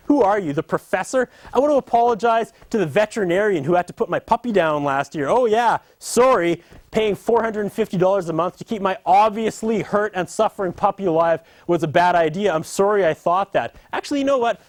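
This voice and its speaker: Sarcastic high-voiced man ranting apologies. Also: animated, brisk, dry recording. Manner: mock-apologetic, sarcastic rant. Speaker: host. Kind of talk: deadpan comedy monologue.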